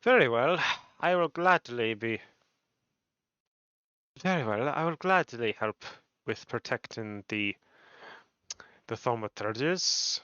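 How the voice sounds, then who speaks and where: A man's voice: medium pitch, animated, slow, long pauses, pushed and bright, smooth, dry recording, muffled recording. A man voicing an earnest, dutiful young male adventurer in a game, putting on an Irish or Scottish lilt and hesitating as he sets it up. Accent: put-on Irish or Scottish lilt. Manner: hesitant, stops to set up the voice.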